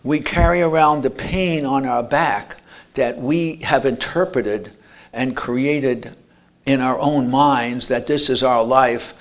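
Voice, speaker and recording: A man's voice: mid-range voice, slow. A man giving an earnest motivational talk at an expo, telling stories and restarting words. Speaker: speaker. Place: expo lecture room.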